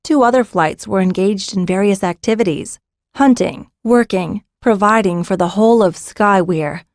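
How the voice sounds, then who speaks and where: A woman narrates a fantasy audiobook in a steady, even storytelling voice. The sound is dry and close, with no room around it. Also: mid-range voice, moderate pace, dry recording.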